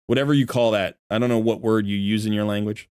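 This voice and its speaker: A man's voice: fairly low pitch, fairly even intonation, fast talker, darkish tone, clean tone, no echo, studio quality. A middle-aged man hosting a casual live stream from his desk at home, rambling and laughing a lot as he pokes fun at himself. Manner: rambling, self-deprecating, laughs often. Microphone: desk microphone.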